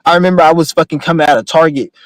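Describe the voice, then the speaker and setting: Fast-talking blunt young man ranting. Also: on the high side, no echo, poor audio. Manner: profane, rambling, blunt. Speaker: vlogger. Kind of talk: casual rant.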